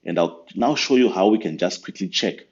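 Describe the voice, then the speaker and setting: A very low-voiced man gives a patient, step-by-step software walkthrough for church accounts. His talk is sprinkled with ums and uhs. The audio is muffled and lo-fi, like a basic screen recording. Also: a little fast. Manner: patient, step-by-step explaining with fillers. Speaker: church finance software trainer.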